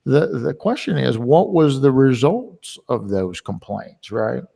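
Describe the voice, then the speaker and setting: A male webinar host talks in a loose, rambling way, filling his sentences with ums and uhs. His voice sits at an ordinary middle pitch. It carries a long, hall-like reverb. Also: lively intonation, measured pace, vocal fry, dark tone, slightly rough. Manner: rambling and chatty, with many filler words. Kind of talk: casual webinar talk.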